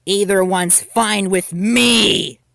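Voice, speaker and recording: A man's voice: a little high, big pitch swings, normal speed, no echo, clean studio sound, voice pushed up. A man doing a hot-tempered two-faced teen girl. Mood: furious. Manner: snapping, shouting.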